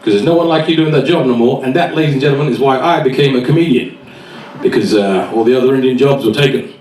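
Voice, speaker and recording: A comedian performs stand-up to a live audience in a comedy club, talking fast in a mid-range voice, cursing casually and playing out small scenes. The sound is echoey from a distant mic, with faint noise.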